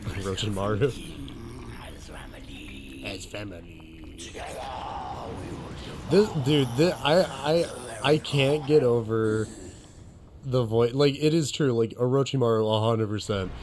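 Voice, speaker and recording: A man's voice: mid-range voice, unhurried. A young man giving casual, chatty commentary while playing a game, rambling and often restarting his sentences. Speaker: gaming commentator. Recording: loud background game noise.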